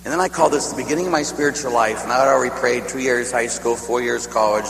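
A middle-aged man from Pittsburgh, a priest telling a story in a sermon, animated and laughing, dropping from loud to hushed. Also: mid-range voice, fast, creaky. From Pittsburgh, USA. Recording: echoey hall with faint hum.

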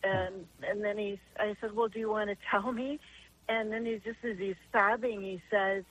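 An older woman calls in over a phone line to a radio talk show. She talks in an earnest, chatty way, circling back and restarting as she tells her story. Her voice sits at a middle pitch for a woman. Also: fairly even intonation, moderate pace, fairly bright tone, slight background noise. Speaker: caller. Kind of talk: call-in radio question.

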